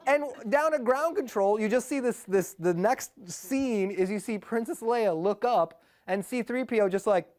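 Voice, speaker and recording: A man telling a personal story live, animated, often laughing and acting out the quotes. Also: very high-pitched, moderate pace, hardly any pauses.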